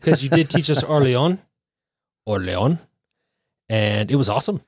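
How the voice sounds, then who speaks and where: A man talks board games with upbeat enthusiasm and ribs his co-hosts along the way. His voice sits at a middle pitch. The sound is dry, with no echo. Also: lively intonation, a little slow. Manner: teasing, enthusiastic. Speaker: podcast co-host. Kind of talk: casual chat about board games.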